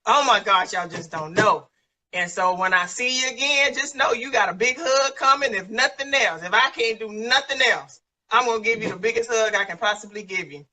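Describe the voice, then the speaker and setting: A woman's voice: a little high, normal speed, sharp tone, far from the mic, low-quality recording. A woman hosting a live online show, emotional and effusive, thanking guests and announcing an event. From San Antonio, Texas. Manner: emotional, effusive, laughs often. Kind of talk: live-stream chat and announcements.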